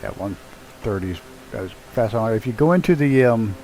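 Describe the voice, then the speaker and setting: A man's voice: on the low side, expressive, brisk, a little mellow, faint music behind, low-quality recording. Laid-back swearing male game streamer. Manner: loose, swears freely, chats with viewers while doing cockpit tasks. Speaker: live streamer. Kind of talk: casual live-stream chat while flying a flight sim. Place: at home with his dog nearby.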